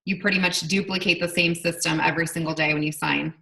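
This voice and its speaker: A woman's voice: low voice, steady tone, quick pace, gravelly, bright, forceful tone. A woman hosting a video call, encouraging her guest. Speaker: host. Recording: distant video call mic.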